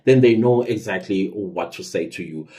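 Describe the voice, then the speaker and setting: A man hosting a podcast, giving casual spoken advice with lively emphasis and occasional fillers. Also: on the low side, normal speed. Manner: conversational, lively emphasis, self-corrections and fillers. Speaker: podcast host giving tips. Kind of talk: casual instructional talk.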